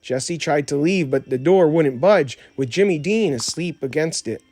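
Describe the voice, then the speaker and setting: A man narrating a children's storybook audiobook in a measured, plain reading. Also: a little high, lively intonation, darkish tone, breathy edge. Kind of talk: storybook read-aloud narration.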